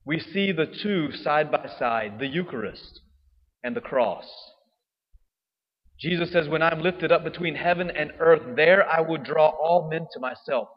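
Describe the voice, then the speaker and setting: A man preaching a sermon in a church, in a conversational way, often checking in with "right?". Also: fairly high pitch. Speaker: priest. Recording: dull echoey church recording.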